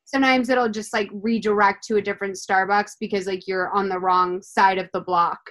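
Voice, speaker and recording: A woman's voice: medium pitch, fairly even intonation, a little fast, fairly bright tone. A woman in casual conversation, asking rambling, curious questions with many fillers. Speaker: podcast co-host. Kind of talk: casual chat.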